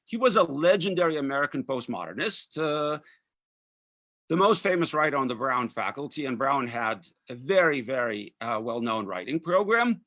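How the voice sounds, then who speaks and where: A man in his fifties from Russia with a Russian accent, giving a lecture that mixes reading with remarks, measured and full of uh fillers. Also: medium pitch, sing-song, pushed and bright, dry recording. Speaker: author giving a talk.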